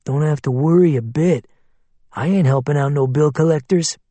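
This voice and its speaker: Man doing a folksy higher-voiced motel manager. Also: normal speed, warm tone, no echo, close to an everyday voice. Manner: folksy, ungrammatical drawl.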